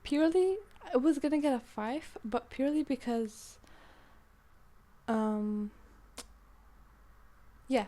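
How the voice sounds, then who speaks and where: A woman's voice: fairly high pitch, measured pace, long pauses, mellow. Chatty young woman, breezy British-tinged lilt. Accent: British-sounding. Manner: rambling, self-interrupting, playful. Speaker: book reviewer. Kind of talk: casual chat.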